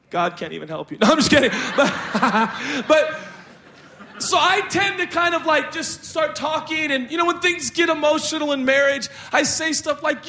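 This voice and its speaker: A man preaching a sermon, animated and joking, talkative and expressive, poking fun at himself. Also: high-pitched. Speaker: pastor.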